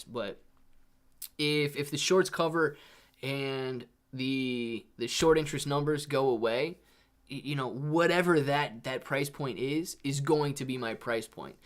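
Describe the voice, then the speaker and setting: A man's voice: medium pitch, fairly bright tone. A man hosting a live stream, reading viewer chat aloud in a rambling, laid-back way and calling people "dude" and "man". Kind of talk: casual livestream chat.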